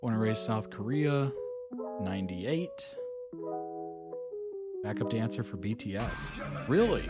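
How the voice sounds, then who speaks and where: A man's voice: fairly low pitch, slow, pauses often, over loud music. A man hosting a live reaction video, reading on-screen text aloud and chatting casually about it.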